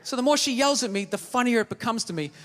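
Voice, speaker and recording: A man's voice: extremely high pitch, expressive, quick pace, a bit bright. A male stand-up comedian ranting through a profane, brash story to a live audience. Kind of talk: stand-up routine. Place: comedy stage before an audience. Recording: live theater hall with crowd.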